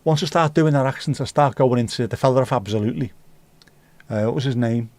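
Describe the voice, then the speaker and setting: Swearing livestream host. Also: male voice, mid-range voice, a little fast, a little mellow, no room sound. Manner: banter with swearing and mock accents. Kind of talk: casual livestream chat.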